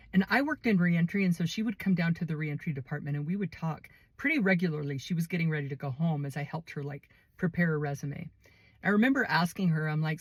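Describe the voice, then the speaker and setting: A woman's voice: sits low, no echo. A woman who works in mental health, earnestly telling a heartfelt personal story in a conversational way. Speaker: mental health worker, formerly in prison reentry.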